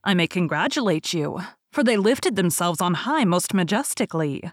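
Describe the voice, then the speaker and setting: A woman's voice: on the low side, big pitch swings, moderate pace, no room sound, clean studio sound. A woman doing a musing old stork.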